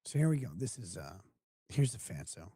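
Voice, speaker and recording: A man's voice: lowish voice, big pitch swings, moderate pace, dark tone, husky, no echo. A man hosting a live stream, chatting casually with a crude, mocking manner and frequent laughter. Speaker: streamer host.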